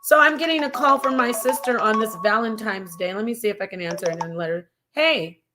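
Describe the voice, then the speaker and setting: A woman's voice: a little high, fairly quick, background noise. A woman hosting a casual live stream, chatty and digressive, talking to her viewers like family. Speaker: livestream host.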